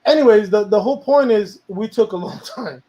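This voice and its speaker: A man's voice: high-pitched, a little fast, dark tone, dull audio. A man, a music producer, talking casually about making a song, rambling and slipping into Spanish now and then. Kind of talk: casual chat.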